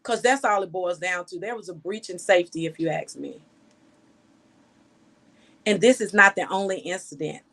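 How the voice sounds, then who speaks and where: A woman's voice: on the low side, normal speed, long pauses, fairly bright tone. A woman journalist giving outspoken, scolding news commentary full of rhetorical questions.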